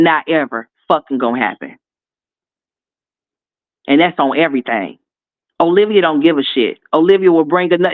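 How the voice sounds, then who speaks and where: A man with a notably high voice delivers fiery, profane, sassy commentary. The sound is thin and phone-like, with no room at all around it. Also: dry recording. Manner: heated, profane, sassy ranting. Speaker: commentary host. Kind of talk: ranting commentary. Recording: tinny phone-like dry sound.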